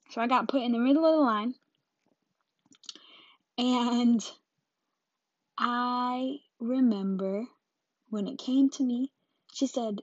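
A woman's voice: fairly high pitch, slow, long pauses, darkish tone, no echo. A woman hosting a podcast, telling a personal story casually and animatedly, acting out the scenes. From Jamaica. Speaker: podcast host. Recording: dull lo-fi dry recording.

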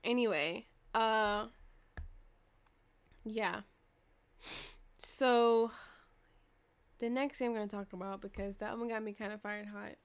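A young woman vlogging, telling a story fast and profanely, acting out quoted dialogue, into a desk microphone. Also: on the high side. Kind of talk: casual storytelling monologue.

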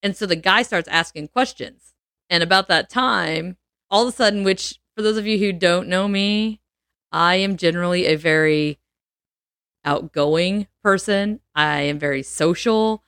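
A young adult woman on a casual podcast, telling a story in an animated way and acting out what people said. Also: on the low side, measured pace, no room sound, studio quality. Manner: animated, laughs often, acts out quotes. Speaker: podcast co-host.

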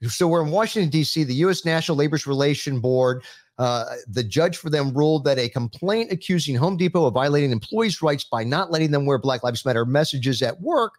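A man's voice: fairly high pitch, expressive, dry recording, clean studio sound. A man hosting a panel chat, who reads out news stories with many fillers and restarts. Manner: halting, lots of fillers. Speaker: podcast host.

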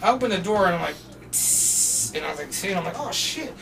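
A man telling stories in a casual, animated way, full of slang and swearing and getting loud when he acts out the scenes. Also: high voice, rapid-fire, gravelly, distant mic, slight background noise. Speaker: podcast guest. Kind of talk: casual storytelling.

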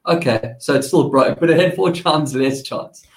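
A man talking excitedly about gadgets in a casual radio chat, explaining with frequent restarts. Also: a little high, normal speed, vocal fry, poor audio. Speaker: tech commentator.

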